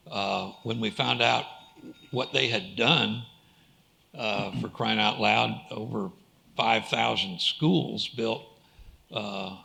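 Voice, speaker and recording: Low, very gravelly filmmaker speaking on a panel. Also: male voice, bright, forceful tone. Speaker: documentary filmmaker. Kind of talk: panel discussion. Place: museum auditorium.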